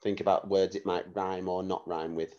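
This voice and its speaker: A man teaching a phonics lesson to young children, spelling words out letter by letter in a clear, slow dictation manner. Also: low voice, level tone, dark tone, highs cut off. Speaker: primary school teacher.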